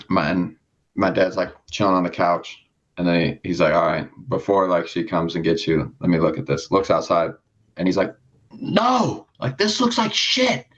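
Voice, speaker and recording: A young man on a podcast telling a rambling story in casual chat, swearing often and acting out the people in it. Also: low voice. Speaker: podcast co-host. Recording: dull lo-fi sound.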